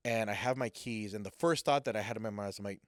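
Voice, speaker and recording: A man telling a personal story in a casual, animated way, acting out what people said. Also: on the low side, fast talker, no room sound, clean studio sound. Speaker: guest sharing a personal testimony.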